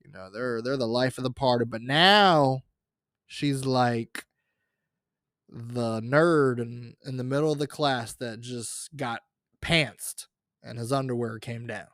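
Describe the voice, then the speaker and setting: A man hosting his own podcast, telling a comic high school story in a rambling, profane way with many fillers and restarts. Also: takes it slowly, a bit bright, no echo, studio quality. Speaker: podcast host.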